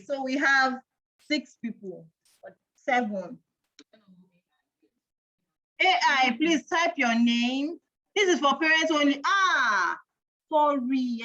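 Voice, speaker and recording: Lively woman hosting an online quiz. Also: a little high. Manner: playful and chatty, counting aloud, teasing the audience. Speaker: host of an online parenting event. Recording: dull lo-fi online stream audio.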